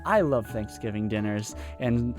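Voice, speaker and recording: A man's voice: on the low side, a little slow, soft background music. A man playing a dating game and joking through it, reading lines in different voices. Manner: jokey, theatrical, reads characters aloud. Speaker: gaming channel host. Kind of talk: let's play commentary.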